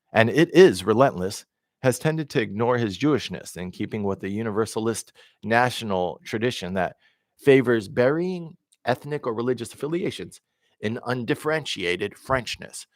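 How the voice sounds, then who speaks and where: A man's voice: medium pitch, dry recording. Man reading news aloud, dry sound. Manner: plain reading with occasional stumbles and repeats. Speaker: independent candidate reading the news. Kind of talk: reading news articles aloud with off-the-cuff asides.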